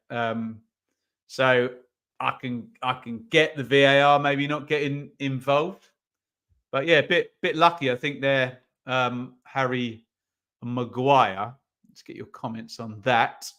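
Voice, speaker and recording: A man's voice: mid-range voice, measured pace, sharp tone. A man running a live football watch-along, chatting casually about the match and reading out viewer comments.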